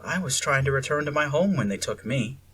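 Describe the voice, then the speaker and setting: A man voicing a calm, kind fifty-year-old woman with a French accent who speaks quietly and gently in a storybook reading. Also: medium pitch, brisk, husky, recorded from a distance, soft background music. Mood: gentle.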